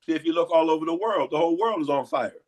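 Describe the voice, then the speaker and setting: A hoarse, congested man giving lecturing interview answers and firing off repeated rhetorical questions. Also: on the high side, fast, a little mellow. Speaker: guest.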